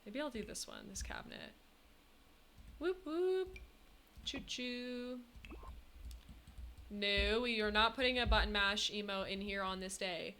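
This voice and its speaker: A woman's voice: mid-range voice, steady tone, fairly quick, hardly any pauses, bright, forceful tone, a little hiss or hum. A young woman streaming live, chatting casually and thanking her viewers, bubbly and giggly.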